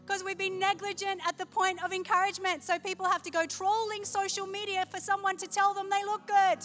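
High-voiced woman preaching with passion. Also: level tone, fairly quick, hardly any pauses, soft background music. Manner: passionate preaching that swings between loud exhortation and soft storytelling. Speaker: pastor. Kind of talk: sermon. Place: church stage.

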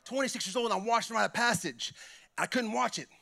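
High bright man preaching his testimony. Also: fast, gravelly. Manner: emphatic, repeats lines, builds to shouts. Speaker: church member giving testimony. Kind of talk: impassioned church testimony. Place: church.

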